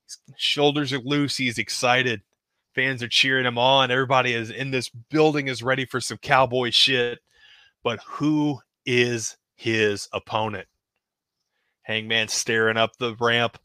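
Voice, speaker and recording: A man hosting a podcast, narrating wrestling action in excited, casual play-by-play. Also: medium pitch, no echo. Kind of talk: play-by-play storytelling.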